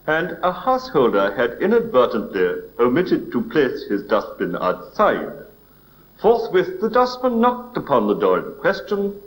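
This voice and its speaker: Man, slow delivery, swooping sing-song pitch, mock-formal comedy host, old TV soundtrack. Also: poor audio. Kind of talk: 1960s TV sketch comedy.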